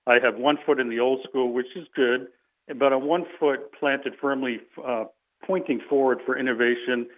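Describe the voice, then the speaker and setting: A man's voice: medium pitch, steady tone, normal speed. A man with a Boston accent, calling in as a guest and chatting in an upbeat, emphatic way about his business. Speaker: golf business founder, guest. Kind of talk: casual phone-in chat. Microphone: phone. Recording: tinny phone line.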